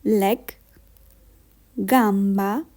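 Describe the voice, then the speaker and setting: Slow, careful woman teaching vocabulary. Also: medium pitch, steady tone, a little mellow. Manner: slow, careful repetition of words. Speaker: language teacher. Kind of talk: beginner vocabulary lesson.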